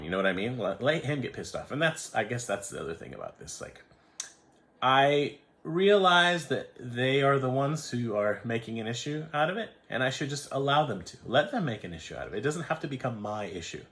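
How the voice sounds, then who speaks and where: An American man in his forties talks through a personal story in a loose, rambling way, stopping himself mid-thought and restarting. His pitch swings widely as he slips in and out of quoted voices. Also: very animated, a little fast, fairly bright tone. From United States. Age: 40s. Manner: rambling, self-interrupting, acts out quoted voices. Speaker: vlogger. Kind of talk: casual storytelling monologue.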